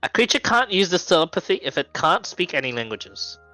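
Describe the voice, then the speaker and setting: A man acting as game master, narrating a tabletop game casually with quick asides. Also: high-pitched, very animated, pushed and bright, no echo, soft background music.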